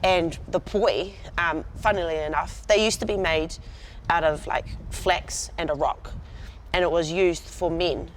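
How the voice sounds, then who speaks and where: A woman in her thirties with a New Zealand accent, a rugby player, chats as a guest in a relaxed interview. Her voice is on the low side, steady and a little slow, and she sounds proud and laughs easily. There's faint background noise.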